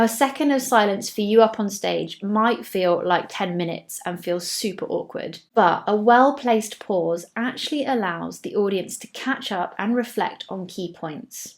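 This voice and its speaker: An English woman presenting public speaking tips to camera in a clear, measured, scripted delivery that slows down for each key tip. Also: medium pitch, darkish tone.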